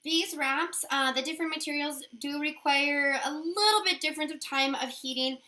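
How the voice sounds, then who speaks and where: A chatty, upbeat woman walks through a nail wrap tutorial, talking as she works. Her voice sits high. It has a bright, forward ring. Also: normal speed. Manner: chatty, upbeat, thinks aloud while working. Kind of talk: casual how-to demonstration.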